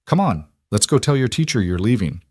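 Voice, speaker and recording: A man's voice: fairly low pitch, very animated, fairly quick, darkish tone, no echo, clean studio sound. A man voicing a struggling single father in a read-aloud story, speaking tenderly and reassuringly. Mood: encouraging. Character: struggling single dad, gentle and honest. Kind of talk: storybook narration.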